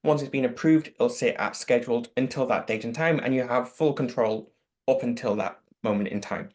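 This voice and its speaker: Guy on a webinar call, average pitch, explaining product stuff step by step, very practical. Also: normal speed, darkish tone. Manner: explanatory, matter-of-fact, practical. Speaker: product expert answering questions. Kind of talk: webinar Q&A answers.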